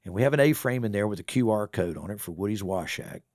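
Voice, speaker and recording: A man's voice: lowish voice, expressive, fast, a little mellow, no echo, clean studio sound. A middle-aged man, a car wash owner telling a story on a podcast and acting out both sides of the conversation. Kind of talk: casual storytelling interview.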